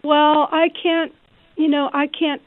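A woman's voice: sits high, level tone, slow pace, no echo. A woman author speaking as a guest in a call-in radio interview, telling stories in an earnest, reflective way over the phone. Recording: phone line.

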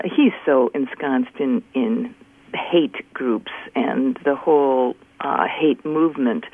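A woman joining a radio panel discussion as a political science professor, speaking thoughtfully and haltingly with many fillers. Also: rumbling low, dry recording, phone-quality sound.

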